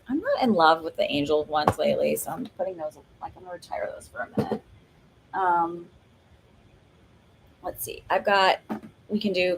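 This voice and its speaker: A woman's voice: lowish voice, background noise. A woman hosting a live stream of oracle card readings, talking in a chatty, rambling way with lots of fillers and laughs. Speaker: psychic medium host.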